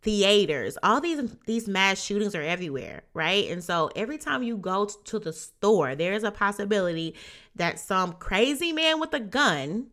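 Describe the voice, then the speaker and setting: Bright, earnest woman podcaster. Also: medium pitch, very animated, moderate pace. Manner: earnest and encouraging, often adds "right?". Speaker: podcast host. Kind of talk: motivational podcast monologue.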